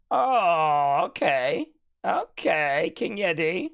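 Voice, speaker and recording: Lively, chatty stream host. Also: medium pitch, unhurried. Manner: chatty, playful, reads chat comments aloud. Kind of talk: casual watch-along chat.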